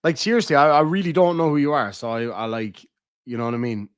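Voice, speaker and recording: A man's voice: medium pitch, expressive, fast, clean tone, dry recording, studio quality. An Irishman with a Cork accent, chatting casually on a livestream and reading out viewers' messages, swearing freely as he talks. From Ireland. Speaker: livestream host.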